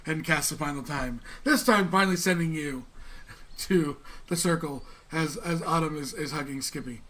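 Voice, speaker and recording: A man narrating as game master of a tabletop game in a relaxed, rambling way. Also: on the high side, normal speed. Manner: relaxed, rambling, many fillers.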